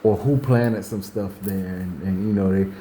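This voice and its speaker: Man, casual faith talk, rambling, mellow low-key voice, faint room ambience. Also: steady tone, normal speed, a little hiss or hum. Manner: rambling, repeats himself, restarts, acts out quotes. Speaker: host.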